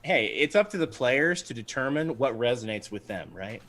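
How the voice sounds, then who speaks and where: A man running a tabletop game as game master, narrating scenes and rulings in a playful, animated way. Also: medium pitch, normal speed, a crowd in the background.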